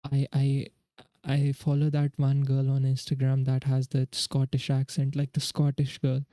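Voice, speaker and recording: A man's voice: mid-range voice, completely flat delivery, moderate pace, warm tone, no room sound. A young man from India, streaming live and thinking aloud as he works through quiz questions in casual chat. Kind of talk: casual livestream chat while studying.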